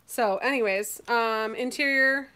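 Chatty high-voiced woman from Minnesota. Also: a little slow, pushed and bright, clean tone. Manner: chatty, enthusiastic, laughs often. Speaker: host of a live online sale. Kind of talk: casual live-sale chat.

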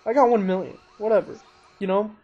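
A man casually commentating his own racing gameplay, excitable and self-mocking, talking to himself as he plays. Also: high-pitched, fairly quick, muffled recording. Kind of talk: casual let's-play commentary. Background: engine noise and crashes from the game.

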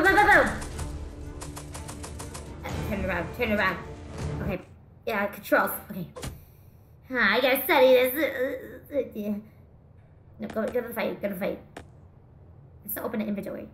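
A young woman hosting a casual gameplay commentary, rambling and excitable, with bursts of shouting and laughter. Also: fairly high pitch, normal speed, pauses often. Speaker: VTuber gameplay host. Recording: roomy echo with game music behind.

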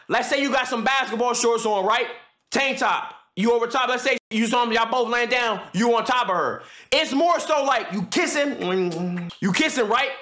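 A man livestreaming, ranting loudly and profanely in casual talk, joking and laughing. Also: very high voice, roomy sound. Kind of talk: casual stream rant.

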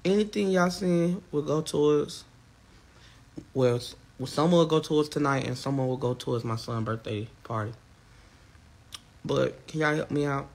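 A man's voice: a little high, moderate pace, gravelly, pauses often, darkish tone. A young man talking to his viewers on a livestream, upset and defensive, his voice strained and tearful. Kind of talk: emotional livestream chat.

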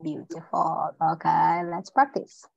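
A woman teaching English online, slowly modelling sounds and words for her class to repeat. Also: sits low, steady tone, darkish tone, no echo, lo-fi sound. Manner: slow, clearly modelling each sound and word for repetition. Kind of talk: online pronunciation drill.

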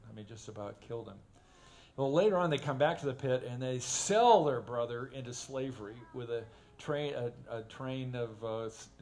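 A man preaching a sermon, telling stories in a folksy way and getting animated when he acts them out. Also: medium pitch. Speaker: pastor. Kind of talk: sermon with humorous storytelling. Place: church sanctuary.

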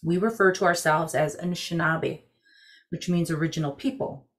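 A woman telling a traditional creation legend in a measured, deliberate storytelling narration. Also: on the low side, fairly even intonation. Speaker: program director telling a legend.

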